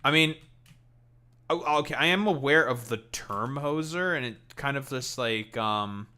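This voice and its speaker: A man's voice: mid-range voice, animated, measured pace, bright, forceful tone. A man from Canada with a Canadian accent, streaming and chatting casually while he plays, rambling and swearing offhandedly. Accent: Canadian English. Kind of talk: casual chat while playing a game.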